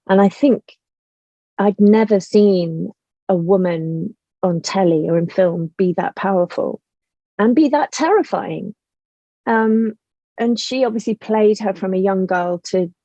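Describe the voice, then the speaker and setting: Woman guest, Liverpool accent toned down; mellow, lively, chatty; dry, slightly dull remote audio. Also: lowish voice, no room sound. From Liverpool, England. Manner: animated, laughing, trailing asides. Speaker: guest, writer and actor. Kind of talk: casual interview chat.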